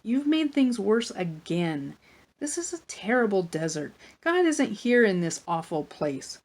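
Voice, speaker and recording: A woman's voice: medium pitch, very animated, measured pace, darkish tone. A woman voicing a hungry, thirsty crowd of wanderers who whine and complain in a children's Bible story. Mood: accusing. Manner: whiny, complaining.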